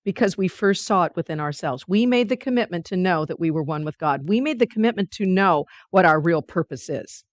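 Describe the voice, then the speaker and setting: A woman teaching a weekly spiritual study group, reading passages slowly and explaining them earnestly, with frequent restarts. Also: lowish voice, animated, dry recording.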